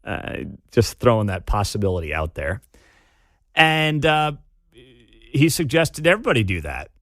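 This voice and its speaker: A man's voice: medium pitch, very animated, normal speed, a bit bright, dry recording. A man hosting a talk radio show, sarcastic and scornful in an opinionated monologue at a studio mic. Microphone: studio microphone.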